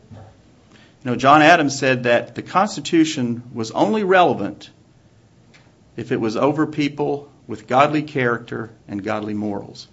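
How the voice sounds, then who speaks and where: A man preaching a sermon to his congregation in a church, asking measured rhetorical questions. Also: mid-range voice, fairly bright tone. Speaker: pastor. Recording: dull lo-fi recording.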